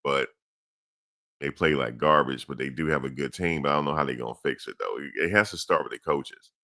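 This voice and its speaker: This middle-aged man hosts sports commentary, and his rant is blunt, blustery, and repetitive, aimed directly at his listeners. He has a very deep, bright voice with a forceful tone, and he talks fairly quickly.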